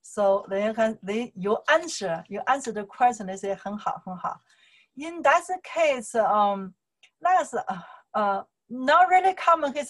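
A woman's voice: medium pitch, animated, a little slow. Chinese woman teaching in simple English. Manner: repeats phrases, simple broken English. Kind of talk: explaining to camera.

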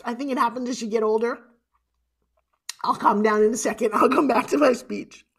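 A woman's voice: on the high side, moderate pace, husky. A middle-aged woman giving a heartfelt motivational keynote speech, urging her audience and tearful at times. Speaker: motivational speaker. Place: conference stage.

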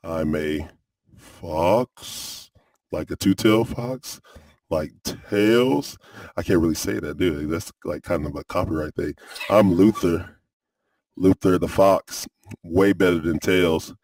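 A man's voice: sits low, slow pace, darkish tone, no echo, far from the mic, exaggerated voice. A man voicing a boastful male two-tailed fox in goofy improvised fan voice acting, giggling and stumbling over his lines. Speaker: uncle doing a character voice.

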